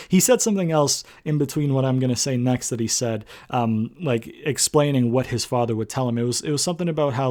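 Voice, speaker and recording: A man talks through a wrestling show review on his own, in a mid-pitched, ordinary voice. He rambles loosely, filling gaps with ums and you-knows and letting the odd casual swear word slip. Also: a little mellow.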